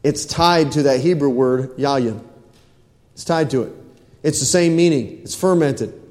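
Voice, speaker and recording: A man's voice: mid-range voice, measured pace, a little mellow, long reverb tail. A man preaching a sermon, asking his congregation questions and repeating phrases for emphasis. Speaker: pastor. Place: church.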